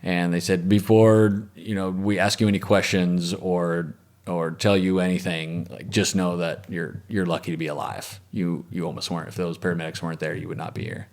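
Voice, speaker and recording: A man as an interview guest, telling a personal story in a reflective, matter-of-fact way that often trails off softly. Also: low voice, flat delivery, normal speed. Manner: reflective, matter-of-fact, with frequent restarts and trailing soft phrases.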